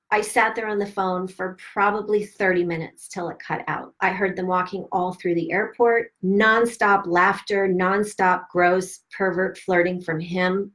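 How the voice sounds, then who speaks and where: Lady on a live stream telling her own story, blunt and animated, cusses a lot. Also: medium pitch. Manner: emphatic, swearing, animated retelling with quoted dialogue. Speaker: host of a self-help live stream. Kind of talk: candid personal storytelling.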